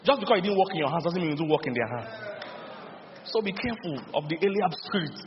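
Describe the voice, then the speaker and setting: A middle-aged Nigerian man preaching a sermon in a lively storytelling style, with call-and-response. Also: a little high, quick pace. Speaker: pastor. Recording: dull lo-fi sound with long hall reverb.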